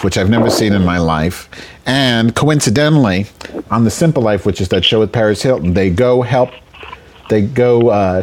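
A man's voice: lowish voice, a little hiss or hum. A man hosting a show, telling a raunchy comic story in a rambling, self-interrupting way. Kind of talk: crude comedic storytelling.

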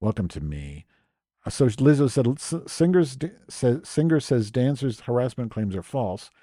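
A man's voice: mid-range voice, sing-song, moderate pace, dark tone, dry recording, clean studio sound. A man hosting a live stream, ranting with exasperated, profane sarcasm as he comments on his screen. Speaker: podcast host.

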